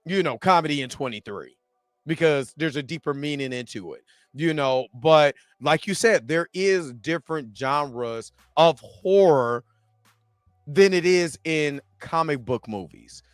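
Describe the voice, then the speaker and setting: A man's voice: a little high, lively intonation, measured pace, dry recording, studio quality. A man co-hosting a podcast, talking in a laid-back, rambling way with lots of fillers. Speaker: podcast co-host. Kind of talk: casual chat.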